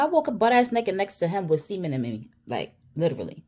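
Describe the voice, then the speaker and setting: A woman's voice: lowish voice, sing-song, fast, few pauses, mellow. A woman telling a personal story straight to camera, in a blunt, emphatic and heavily profane way. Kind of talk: storytime monologue.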